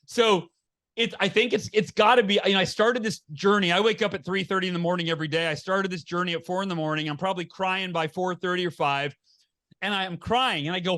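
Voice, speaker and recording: A middle-aged man speaks as a podcast guest in a high, bright voice. He tells his story with earnest energy, often restarting his sentences and acting out the dialogue he quotes. The sound is a close podcast mic. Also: steady tone, fast. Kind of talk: candid storytelling in an interview.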